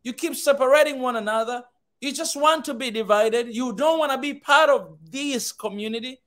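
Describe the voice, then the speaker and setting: A man in his thirties with a very high voice, preaching with fervor. He pleads and builds to loud shouted peaks, then drops low again. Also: moderate pace. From Africa. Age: 30s. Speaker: host. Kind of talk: impassioned speech.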